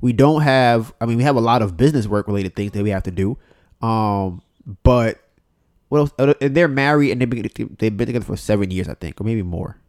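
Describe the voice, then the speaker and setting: A man's voice: fairly low pitch, a little fast, darkish tone. A man hosting a casual podcast, talking bluntly with plenty of swearing and often acting out what other people said. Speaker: podcast host.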